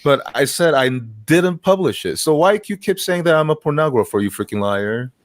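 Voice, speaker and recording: A man's voice: a little high, lively intonation, normal speed, dry recording. A man hosting a heated call, arguing, insulting the other side and ending sentences with "man". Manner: insulting, combative, tacks "man" onto sentences. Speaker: channel host arguing with a caller.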